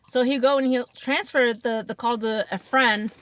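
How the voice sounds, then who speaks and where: A woman's voice: a little high, fairly even intonation, moderate pace, hardly any pauses, no room sound. A woman chatting casually on an eating show, telling rambling, giggly stories. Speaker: podcast co-host. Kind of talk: casual chat while eating.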